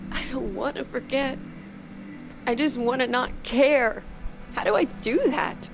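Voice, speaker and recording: An actress playing a troubled young woman haunted by her past, guarded and tense, quick to shout, in a video game. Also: high-pitched, creaky, background noise. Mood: distraught. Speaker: main character.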